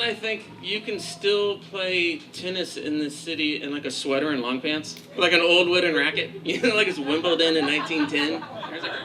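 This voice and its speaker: A man's voice: fairly high pitch, gravelly. A man from Kansas doing a stand-up comedy set on a club stage, rambling, profane and playfully sarcastic. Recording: noisy live club recording.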